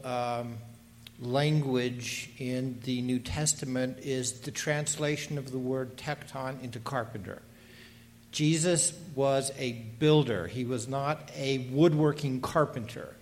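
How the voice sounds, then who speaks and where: A man speaking in a panel discussion, giving an earnest comment on scripture in an emphatic, preacherly way, with many fillers and restarts. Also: mid-range voice.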